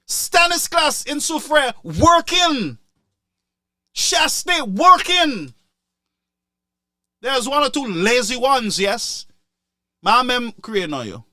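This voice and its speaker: A man's voice: extremely high pitch, big pitch swings, slow, pauses often, sharp tone, no echo, clean studio sound. A man giving impassioned political commentary, scolding listeners in a repetitive, sarcastic way.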